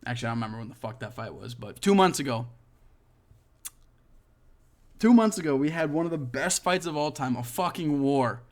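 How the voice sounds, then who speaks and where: A man hosting a show, reading online comments aloud and reacting with heated, profane ranting and sudden loud outbursts. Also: mid-range voice, animated, fast. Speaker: podcast host.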